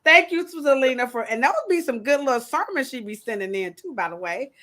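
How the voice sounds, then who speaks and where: A woman hosting a casual podcast livestream, talking in a playful, animated way. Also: high-pitched, quick pace. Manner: animated, playful, acts out quoted voices. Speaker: podcast host.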